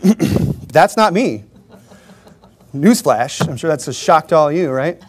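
A man with a fairly high voice delivers a sermon in a loose, conversational way. He jokes and chuckles as he goes and drives his points home with emphatic rhetorical questions to the congregation. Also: expressive, normal speed. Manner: informal and joking, often chuckling. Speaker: Baptist preacher.

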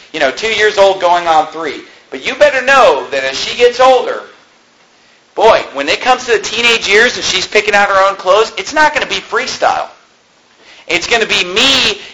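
A man preaches with a high, bright, fervent voice, pressing each point through repetition. His sermon rings out in a roomy, echoing space, with a faint hiss underneath. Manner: fervent, emphatic, repeats phrases for emphasis. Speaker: pastor. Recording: roomy echo.

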